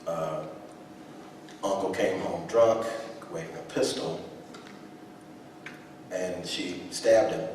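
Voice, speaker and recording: A low-voiced man performs a reflective spoken-word piece live on stage, pausing and circling back as he searches for words. He is picked up from a distance in a large hall with long reverb. Faint room ambience hums behind him. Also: darkish tone, slight background noise. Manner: halting, reflective, restarts often. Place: theater stage, live event. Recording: echoey hall from far off.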